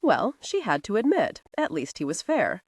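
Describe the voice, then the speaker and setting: A woman narrating a historical romance audiobook in an expressive, dramatic reading. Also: medium pitch, normal speed, husky, dry recording, clean studio sound.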